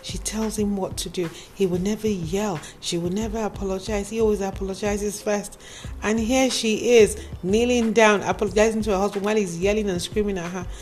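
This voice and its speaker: A woman tells a cautionary story in a lively, lecturing way and speaks straight to her listeners. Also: mid-range voice, a little fast, slight background noise. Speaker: advice speaker. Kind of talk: moralizing storytelling monologue.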